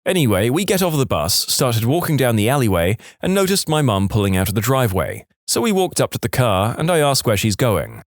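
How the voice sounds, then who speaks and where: A man reading internet stories aloud in an expressive, playful storytelling manner. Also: mid-range voice, brisk, hardly any pauses, no room sound, studio quality. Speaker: story narrator.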